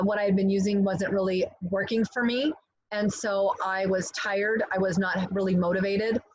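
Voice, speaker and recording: A middle-aged woman tells her personal testimonial earnestly, pausing to clear her throat. The call audio sounds a bit muffled, with a faint hiss underneath. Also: medium pitch. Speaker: guest giving a testimonial.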